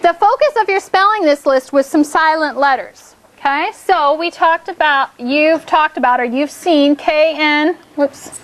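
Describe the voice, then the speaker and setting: A woman's voice: sits high, unhurried, hardly any pauses. A woman teaching a class of children, upbeat and encouraging, who keeps checking in with the class as she explains. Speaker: elementary school teacher.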